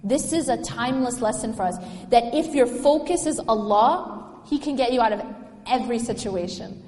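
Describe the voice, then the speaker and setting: Woman religious lecturer, bright high register, engaging and questioning, recorded in a reverberant hall. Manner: engaging, asks the audience questions. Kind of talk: religious lecture to a live audience.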